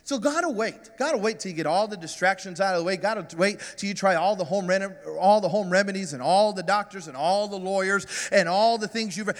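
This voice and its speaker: A man preaching a sermon, telling funny stories with emphatic, shouted high points. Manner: animated, humorous storytelling with emphatic shouts. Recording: long hall reverb.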